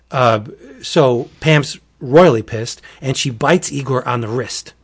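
Husky and mid-range, this podcast host speaks at a measured pace in a casual chat. He's an animated storyteller recounting a wacky horror comic, performing its quotes and saying "wackadoodle."

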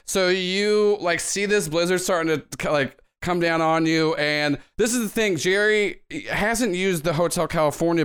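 A man's voice: fairly high pitch, fairly bright tone, clean tone. A man narrating as game master in a tabletop game, in loose, rambling casual talk full of fillers.

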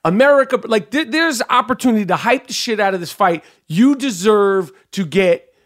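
High-pitched guy hosting a podcast, swears a lot, gets worked up, dry sound. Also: normal speed, dry recording. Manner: blunt and profane, excitable, many restarts. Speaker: podcast host. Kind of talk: podcast interview.

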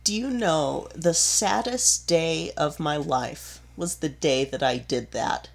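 A woman co-hosting a relaxed podcast conversation. She talks at an unhurried pace with a dry, knowing manner, like someone who did theater. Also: low-pitched, creaky. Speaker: podcast co-host. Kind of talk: casual chat.

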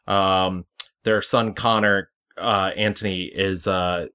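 A man's voice: deep voice, fairly even intonation, slow pace, bright, forceful tone, smooth. A man chatting casually on a film podcast, walking through an actor's career year by year. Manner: chatty, recounting career facts. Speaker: podcast co-host.

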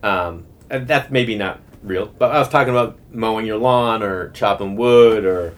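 A man in his thirties hosting a podcast, telling a long casual story, rambling and animated with lots of fillers and restarts. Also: fairly low pitch, normal speed. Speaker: podcast host.

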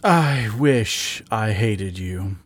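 A man's voice: mid-range voice, animated, takes it slowly, no echo, clean studio sound. A man voicing a weary, dejected gay raccoon at a bar who mutters and grumbles.

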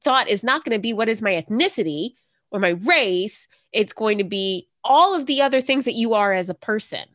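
A woman's voice: medium pitch, expressive, moderate pace, a bit bright. A woman co-hosting a podcast, curious and full of questions, telling stories from her own life. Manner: curious, asks questions, tells anecdotes. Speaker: podcast co-host. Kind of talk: casual podcast chat.

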